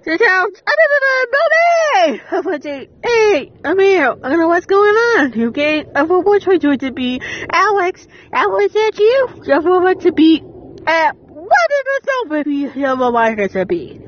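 Excitable woman, high lively voice, unhurried delivery, exclamations and swearing, dull lo-fi audio with faint music. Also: a little hiss or hum.

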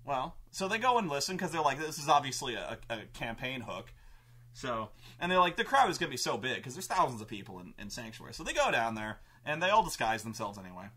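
A man's voice: medium pitch, very animated, fast talker, few pauses, pushed and bright, breathy edge. A man telling a rambling, profane story about a tabletop campaign he ran as game master.

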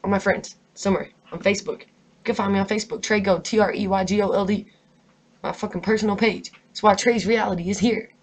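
A woman rants to her camera in a heated, emphatic voice, swearing constantly as she vents her stress. Her pitch sits in a middle range, neither high nor low, and she leans hard on her words. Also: steady tone, a little fast. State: angry, stressed. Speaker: vlogger. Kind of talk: unscripted rant to camera.

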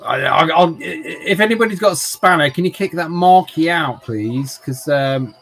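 A middle-aged man streaming retro games talks in a fairly high, expressive, creaky voice with a fairly bright tone and a moderate pace. The recording is rough, and his casual chat rambles with jokes and stumbling restarts.

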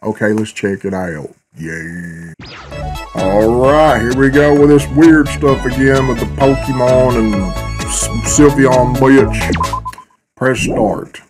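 A man's voice: medium pitch, steady tone, slow, over music. A man hosting a reaction video, blunt and swearing freely as he comments.

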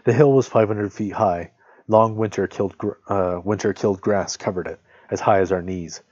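A man reading a nonfiction essay aloud in a steady, measured way, now and then correcting a slip. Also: lowish voice, no room sound. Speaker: reader of literature. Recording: dull lo-fi, dry close sound.

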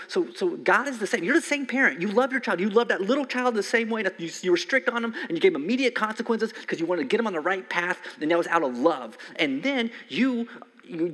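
A man in his forties preaching a conversational sermon as a pastor, swinging from loud emphasis to soft near-whispers. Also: high voice, slightly rough. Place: church sanctuary. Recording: long hall reverb from a church sanctuary.

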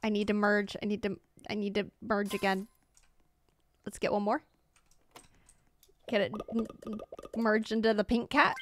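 A young American woman chatting excitedly while livestreaming a game, reading out chat and reacting with bubbly exclamations. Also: medium pitch, normal speed, long pauses, slight background noise. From United States. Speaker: streamer. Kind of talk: live game commentary.

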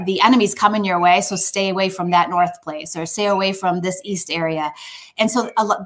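A woman giving a sermon in a conversational, emphatic way, often restarting her phrases. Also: fairly low pitch. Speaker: speaker at a church.

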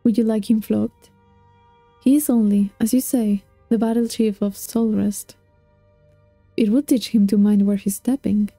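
A woman voicing a calm, soothing imperial mistress in a storybook reading. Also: mid-range voice, measured pace, no echo, soft background music. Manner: calm, soothing, soft-spoken.

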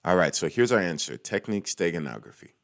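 Deep-voiced man walking through a tutorial. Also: sing-song, quick pace, creaky. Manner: chatty, cheers small wins, self-correcting. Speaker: cybersecurity tutorial host. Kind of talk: casual screen-recorded walkthrough.

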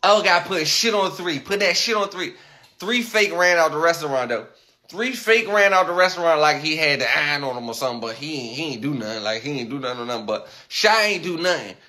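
A man talking casually to his livestream viewers, animated and rambling, repeating himself often. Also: on the high side, fairly quick.

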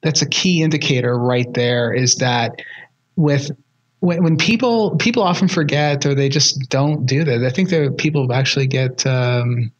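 A man's voice: mid-range voice, normal speed. A man hosting a podcast, speaking earnestly and often repeating words as he gathers his thoughts. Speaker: podcast host. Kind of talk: casual interview chat.

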